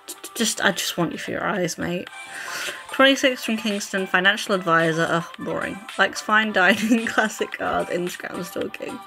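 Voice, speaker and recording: A woman's voice: medium pitch, normal speed, gravelly, music in the background. A woman casually commenting on a dating game as she plays, reading its text aloud and swearing freely. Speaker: gaming YouTuber. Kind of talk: casual let's play commentary.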